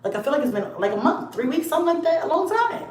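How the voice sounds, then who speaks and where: A woman's voice: high voice, very animated, very fast, a little mellow, far from the mic. A woman vlogger ranting to camera, blunt, profane and confrontational. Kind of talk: casual rant to camera. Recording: echoey room, set back from the mic.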